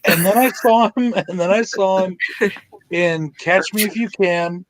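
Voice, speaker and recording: A man's voice: sits high, measured pace, dry recording, low-quality recording. A man co-hosting a podcast, rambling casually and swearing while he hunts for names. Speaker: podcast co-host. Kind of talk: casual chat.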